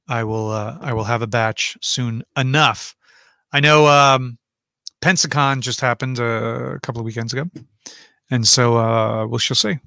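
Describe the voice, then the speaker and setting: A man's voice: medium pitch, bright, forceful tone, dry recording, studio quality. A man hosting a casual livestream from home, chatting and rambling as he reads out viewer comments and answers them.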